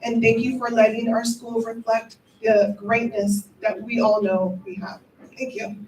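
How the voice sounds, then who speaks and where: A woman's voice: on the high side, level tone, measured pace. Middle-aged teacher lady giving a teary proud speech, echoey cafeteria, faint hum behind. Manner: heartfelt, emotional. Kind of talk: ceremony speech. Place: school cafeteria. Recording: echoey room from a distant mic.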